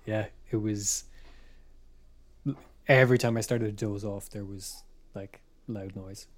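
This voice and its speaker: A man's voice: fairly low pitch, fairly even intonation, unhurried, slight background noise. A man, a podcast co-host telling a story in casual chat, meandering and hesitant, dropping to a whisper for his own thoughts.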